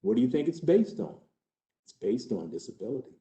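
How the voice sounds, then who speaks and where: A trainer narrates a case study in first-person role-play, brisk and earnest, conversational yet building tension. His dark-toned, medium-pitched voice swings widely in pitch, and the lo-fi recording has the feel of a roomy hall.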